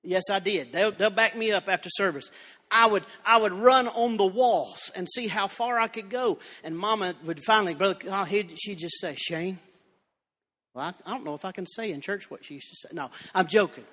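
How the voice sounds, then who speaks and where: High-voiced preacher, fervent. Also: male voice, fairly quick. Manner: builds from storytelling to shouting fervor. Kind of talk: revival sermon. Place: church sanctuary. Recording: long church reverb.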